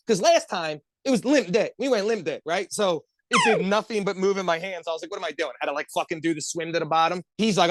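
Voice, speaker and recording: There's no echo as a high-pitched, fast-talking podcast co-host launches into a sprawling tale among friends. He swears all the time and tells the story with lively, animated energy.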